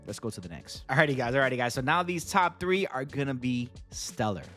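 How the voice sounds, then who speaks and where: Man, casual vlog review, mid-pitched voice, hyped and slangy, faint background music. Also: animated, brisk, fairly bright tone. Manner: enthusiastic, slangy, keeps addressing viewers as guys. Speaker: fragrance reviewer and channel host. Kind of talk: casual product review to camera.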